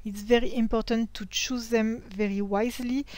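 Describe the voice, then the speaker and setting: A woman's voice: fairly high pitch, fairly even intonation, normal speed, a little mellow, dry recording. A woman with a French accent and French as her first language, hosting a sewing tutorial in a casual talk to camera. She speaks hesitantly as she searches for words. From France. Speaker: historical sewing channel host.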